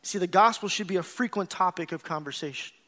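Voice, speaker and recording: A pastor preaching a sermon to his congregation, earnest, swelling into emphatic bursts and dropping to quiet, confiding asides, calling out to the church. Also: high-pitched, fast. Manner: calls out to the congregation.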